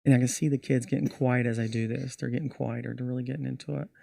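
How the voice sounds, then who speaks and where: A man's voice: medium pitch, quick pace, creaky, no room sound, clean studio sound. A middle-aged man, a magician, telling stories from his show in a casual podcast interview. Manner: animated storyteller acting out his show. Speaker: magician guest.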